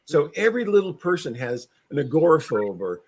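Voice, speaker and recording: A man's voice: a little high, big pitch swings, fairly quick, husky. A man, a paranormal investigator, chatting as a guest on a podcast in a rambling, preachy way that repeats itself. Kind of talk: casual podcast chat.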